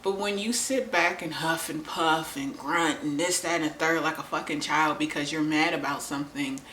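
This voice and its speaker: Blunt, lower-voiced woman in a roomy space. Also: moderate pace, fairly bright tone, slight background noise. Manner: blunt and profane, laughs often. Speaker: vlogger. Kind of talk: candid relationship talk to camera. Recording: roomy echo.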